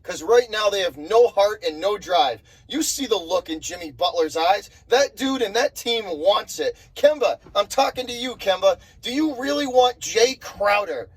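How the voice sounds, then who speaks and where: A man's voice: high voice, lively intonation, normal speed, hardly any pauses, husky, low-quality recording. A young man ranting angrily about his basketball team, swearing and repeating himself in exasperation. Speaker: sports vlogger. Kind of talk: fired-up sports rant.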